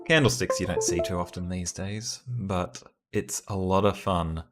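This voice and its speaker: A man's voice: sits low, measured pace, fairly bright tone, soft background music. A man hosting a casual livestream, chatty, thinking aloud and laughing often as he plays word games. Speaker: streamer and host.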